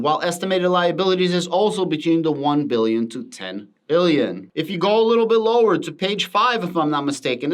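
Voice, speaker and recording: A man talking through a finance topic on his channel in an emphatic commentary style, repeating words for stress. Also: a little high. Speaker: crypto finance YouTuber. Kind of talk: casual commentary to camera.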